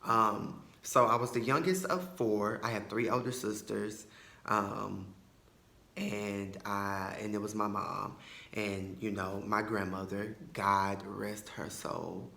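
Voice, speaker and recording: Young man, podcast host, chatty storytelling, bright forceful voice, echoey room. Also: lowish voice, fairly even intonation, takes it slowly, gravelly. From Tyler, Texas. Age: 20s. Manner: chatty, many fillers and asides. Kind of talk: casual personal storytelling.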